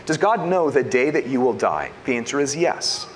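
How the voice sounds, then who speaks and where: A man preaching a sermon, asking rhetorical questions and swinging between loud emphasis and hushed lines. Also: mid-range voice, expressive, moderate pace, slight background noise. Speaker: pastor.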